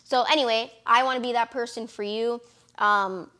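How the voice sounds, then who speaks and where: Speaking at normal speed with a fairly high, sharp-toned voice and fairly even intonation, a young lash business owner from Florida, USA, chats casually to camera. She's encouraging and uses many fillers.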